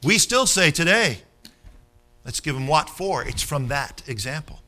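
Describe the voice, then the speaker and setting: A man's voice: on the high side, very animated, a little slow, bright, forceful tone. A man preaching a sermon, telling stories and calling for amens from the congregation. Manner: storytelling, rousing, calls for amens.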